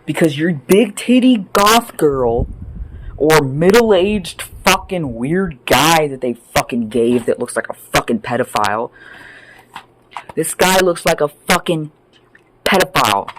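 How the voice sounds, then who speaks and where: A man ranting off the cuff as a vlogger, angry and sweary, rambling between loud outbursts and low mutters. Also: animated, measured pace, a little hiss or hum, low-quality recording. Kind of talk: profane off-the-cuff rant.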